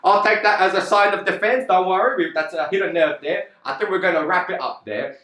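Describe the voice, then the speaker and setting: A man's voice: high voice, a little fast, bright, forceful tone, echoey room. A man interviewing a bandmate in a playful tough-guy banter, swearing heavily. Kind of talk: joking casual interview.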